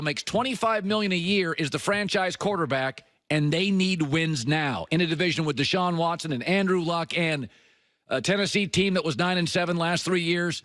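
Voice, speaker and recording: Middle-aged man, sports radio host, opinionated monologue, very animated pitch, bone-dry studio sound. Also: no echo. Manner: emphatic, swings between high punchy lines and low confiding tones. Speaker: sports talk show host.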